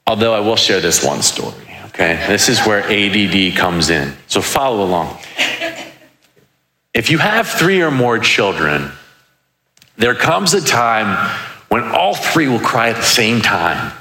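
A man's voice: on the low side, sing-song, unhurried, bright, forceful tone, reverberant, in a large hall. A man in his twenties preaching casually, joking as he tells stories from his life as a father. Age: 20s. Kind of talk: sermon with personal stories.

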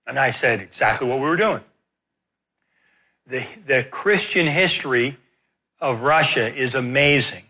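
A man preaching in a sermon, telling a story in an animated, self-deprecating way. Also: mid-range voice, unhurried, long pauses.

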